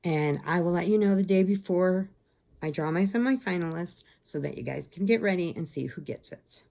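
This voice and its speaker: Speaking at a normal pace in a lowish, gravelly, dark-toned voice, this middle-aged woman from Illinois runs a crochet channel. Her casual storytelling vlog is rambling and chatty, and she laughs a lot.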